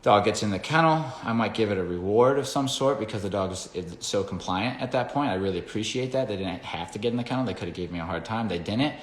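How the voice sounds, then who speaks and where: A man's voice: fairly low pitch, fast talker, hardly any pauses, echoey room. A man, a dog trainer, explaining his method in a casual lesson, blunt and swearing freely as he talks straight to viewers.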